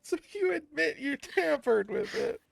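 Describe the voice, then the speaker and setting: A woman's voice: high-pitched, expressive, unhurried, gravelly, dry recording, voice pushed up, full character voice. A woman voicing a female investigator from a game, reading her lines in a dry, matter-of-fact way. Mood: questioning. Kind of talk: reading game dialogue aloud.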